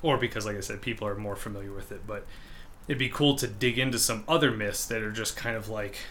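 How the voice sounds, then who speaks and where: A man's voice: fairly low pitch, fast, fairly bright tone, a little hiss or hum. A man co-hosting a podcast, chatting casually and rambling with frequent swearing as he talks about movies that make him cry. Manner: rambling, swears freely, emotional. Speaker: podcast co-host. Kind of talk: casual chat.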